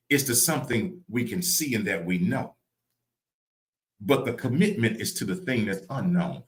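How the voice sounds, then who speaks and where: A man hosting a live stream, giving an inspirational porch talk full of drawn-out rhetorical questions. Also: lowish voice, lively intonation, echoey room. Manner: preachy, drawn-out rhetorical questions, calls out to viewers by name.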